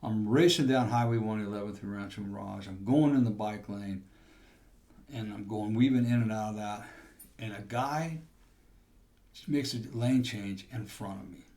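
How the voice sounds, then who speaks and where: A man's voice: lowish voice, moderate pace, warm tone. A man hosting a podcast, telling a personal testimony in a rambling storytelling way with restarts. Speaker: podcast host.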